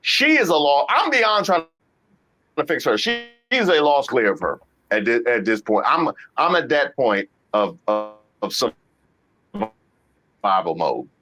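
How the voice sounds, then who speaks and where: A woman's voice: a bass voice, very animated, a little slow, music in the background. A woman host, giving emphatic reaction commentary to her viewers and repeating her phrases. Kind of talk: reaction commentary on viral clips.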